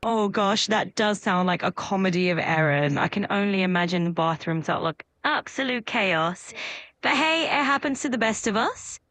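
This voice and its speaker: A woman's voice: medium pitch, lively intonation, moderate pace, fairly bright tone, no echo. Upbeat British-accented AI assistant woman. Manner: upbeat, soothing, accommodating. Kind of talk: chatbot conversation.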